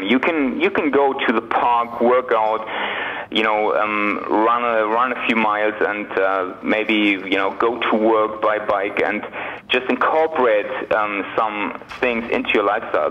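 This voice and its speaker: A man from Germany with a German accent, a guest author in a radio interview, talking in a relaxed, chatty way with many fillers. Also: medium pitch, muffled recording, a little hiss or hum.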